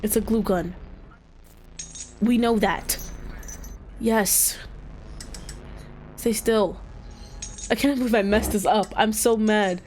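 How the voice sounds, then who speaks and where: A woman's voice: mid-range voice, takes it slowly, long pauses, a little mellow, a little hiss or hum. A woman streaming a game, chatting to her viewers and reacting with frustration as she plays. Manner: frustrated, talks to chat, self-deprecating. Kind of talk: gameplay commentary.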